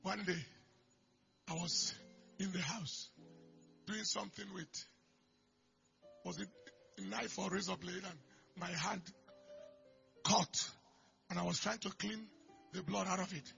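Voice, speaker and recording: A man preaching a sermon, moving from quiet storytelling to loud shouted declarations. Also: high voice, steady tone, unhurried, vocal fry, long pauses. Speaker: pastor. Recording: dull lo-fi recording with faint music.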